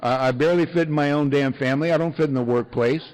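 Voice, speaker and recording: A man's voice: fairly high pitch, fast, darkish tone, low-quality recording. A man sharing his recovery story with an audience in a wry, self-mocking way, full of fillers and chuckles.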